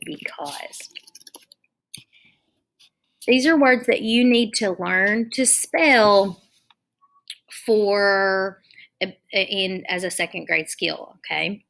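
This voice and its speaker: A woman teaching young children in an online lesson, dictating sentences slowly and spelling words out letter by letter. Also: medium pitch, vocal fry, a bit bright, a little hiss or hum.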